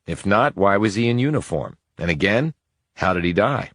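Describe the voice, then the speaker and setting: A probing male police detective, as a man puts him on in a whispered role-play, businesslike and to the point. The tone is very low and husky. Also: big pitch swings, moderate pace, a bit bright, dry recording, studio quality, heavily acted.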